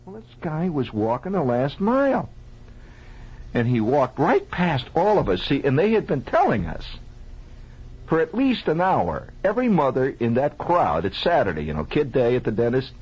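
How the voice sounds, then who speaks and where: Captured on an old lo-fi radio broadcast, a man with a mid-range, breathy-edged voice tells a comic childhood story at a normal pace. The improvised monologue is animated and conversational, with audience questions and mouth sound effects throughout.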